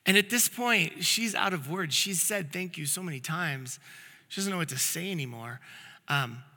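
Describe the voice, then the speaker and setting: A man's voice: on the high side, animated, normal speed, bright, forceful tone. A man preaching a conversational sermon to his congregation, telling a long personal story in an earnest way with frequent restarts. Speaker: pastor. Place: church sanctuary. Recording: long reverb of a church hall.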